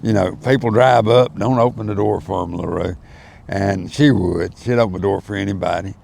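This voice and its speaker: Gravelly older man spinning yarns. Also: low-pitched, moderate pace, a little mellow, slight background noise. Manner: rambling, folksy storyteller with many fillers. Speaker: interview guest. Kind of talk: storytelling in casual chat.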